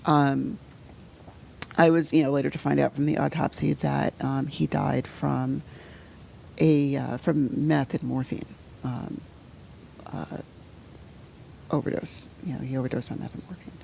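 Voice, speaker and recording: A middle-aged woman speaks as an interview guest with a deeply gravelly voice. She talks haltingly, restarting sentences and falling almost to a whisper at the hardest points. A faint hiss sits behind her. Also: flat delivery. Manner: halting, full of "you know" fillers and restarts; drops to a soft near-whisper at painful moments. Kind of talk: emotional personal storytelling in conversation.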